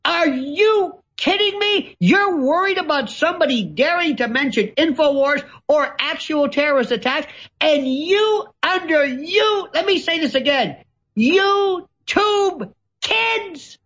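A man's voice: very high-pitched, lively intonation, measured pace, fairly bright tone. A man speaking as a guest commentator, theatrical and sarcastic, with an ornate vocabulary and mocking put-on voices. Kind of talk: ranting talk-show commentary. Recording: dull lo-fi audio.

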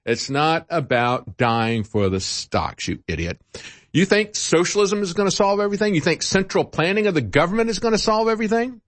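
A man's voice: high voice, sing-song, moderate pace, no room sound. Indignant older man ranting on air. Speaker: talk show host. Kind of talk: political talk monologue.

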